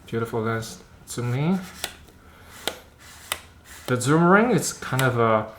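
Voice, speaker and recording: A man doing a casual unboxing vlog about camera gear, chatting in a halting way and thinking aloud as he handles the lens. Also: mid-range voice, animated, fairly bright tone, a little hiss or hum. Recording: roomy echo.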